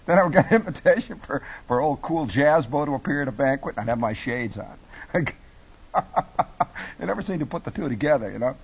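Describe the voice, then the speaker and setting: A middle-aged man telling animated stories about his radio days as a talk show guest. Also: medium pitch, a little fast, gravelly, breathy edge. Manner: lively, jumps between put-on radio voices. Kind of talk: animated storytelling. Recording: dull lo-fi broadcast audio.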